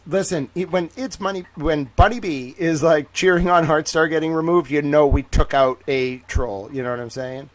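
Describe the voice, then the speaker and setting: A man's voice: fairly high pitch, normal speed, hardly any pauses, no room sound. A man hosting a casual livestream, speaking in a put-on Southern drawl, playful, teasing and boastful. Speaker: livestream host.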